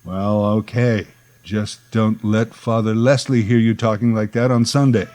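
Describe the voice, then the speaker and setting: A man puts on a stern mother who scolds her son. The voice drops a little lower and sounds firm and disapproving, with faint music behind. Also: fairly even intonation, unhurried, darkish tone, close to an everyday voice.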